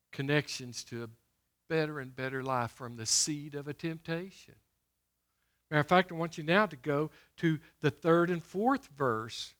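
A middle-aged man preaching a sermon, emphatic, throwing questions to his listeners and slowing to stress scripture. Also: fairly high pitch, fairly bright tone.

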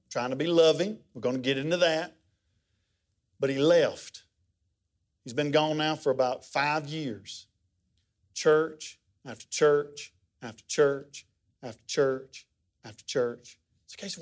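A middle-aged man, preaching a sermon as a pastor in a folksy, conversational storytelling way. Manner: folksy, conversational storytelling with lively pitch swings.

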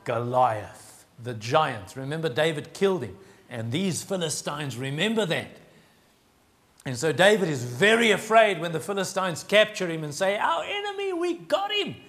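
A man preaching a sermon, earnest and emphatic, slowing down to stress key phrases. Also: fairly high pitch, animated, a bit bright. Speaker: pastor.

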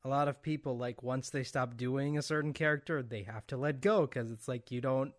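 A man interviewing a guest in a relaxed, casual way, with fillers and light laughter. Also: mid-range voice, a little fast, no echo, studio quality.

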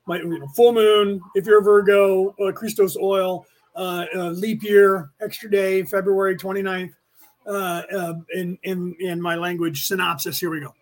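A man's voice: sits high, fairly even intonation, moderate pace. An American man hosting a podcast class, talking in a rambling, opinionated way with many fillers and restarts. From United States. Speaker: podcast host and class teacher. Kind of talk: casual rambling lecture.

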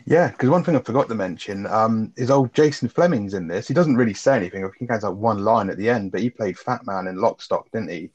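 A man's voice: fairly low pitch, lively intonation, quick pace, hardly any pauses, darkish tone. A man co-hosting a film review podcast, casually recapping plot and swearing freely. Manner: laid-back, swears freely, summarizes plot. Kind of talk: casual chat. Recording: dull lo-fi sound.

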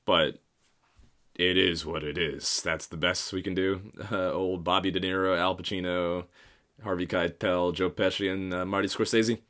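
A man's voice: low voice, level tone, normal speed, a bit bright. A man in his thirties rambling through a casual, profane, self-mocking monologue. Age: 30s.

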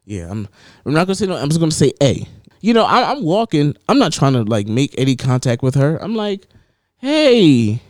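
A young man co-hosting a podcast, telling a story in an animated, laughing way. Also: on the high side, brisk, dry recording, clean studio sound. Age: young adult. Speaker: podcast co-host. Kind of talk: casual chat.

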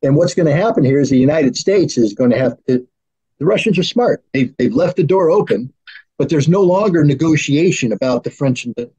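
Husky man acting out both sides. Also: a little high, lively intonation, fairly quick, mellow, lo-fi sound. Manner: acts out both sides in mock dialogue. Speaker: guest arms control expert. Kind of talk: animated political discussion.

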